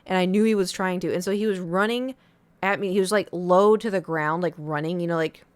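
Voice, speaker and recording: A young woman streamer casually telling a story to her chat, acting out other people's lines in a high voice. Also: fairly quick, clean tone, no echo.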